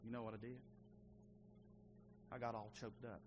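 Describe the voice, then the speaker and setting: A middle-aged male pastor preaching a sermon, swinging between loud and hushed delivery. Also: medium pitch, little pitch movement, fairly quick, pauses often, lo-fi sound, noisy background. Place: church sanctuary.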